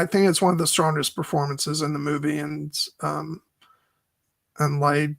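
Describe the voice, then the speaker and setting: A man co-hosting a film podcast, talking in a halting, filler-heavy way and laughing as he retells scenes. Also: on the high side, gravelly, a bit bright, no room sound, clean studio sound. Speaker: podcast co-host. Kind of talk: casual film discussion.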